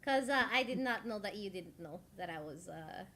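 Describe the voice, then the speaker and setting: A woman's voice: mid-range voice, expressive, moderate pace, a crowd in the background. A young woman from Norway with a near-American English accent, chatting animatedly on a stream, laughing often and rambling with restarts. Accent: near-American English with slight Norwegian traces. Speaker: VTuber streamer. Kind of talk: casual chat on a collab stream.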